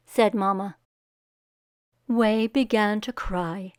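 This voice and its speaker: A woman reading a children's picture book aloud, giving the characters voices and pausing to ask young listeners what will happen next. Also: mid-range voice, no room sound, studio quality.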